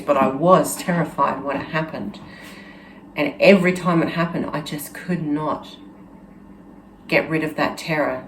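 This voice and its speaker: A woman with a low voice tells a personal story in an earnest, halting way, full of restarts and "you know"s. The recording sounds roomy and echoey, with a faint ambient hum behind her. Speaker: channel host.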